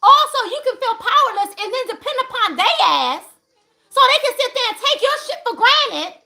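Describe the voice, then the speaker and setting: A woman's voice: very high voice, animated, moderate pace, gravelly, pushed and bright. A woman hosting a livestream talk to viewers, emphatic and profane, laughing often as she preaches. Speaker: spiritual channel host.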